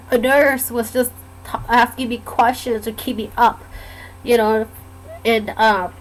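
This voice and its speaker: A woman telling a personal story in a casual, halting way, with many pauses and fillers. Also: fairly high pitch, rough recording. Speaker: vlogger sharing a personal story. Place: lives in Georgia, USA.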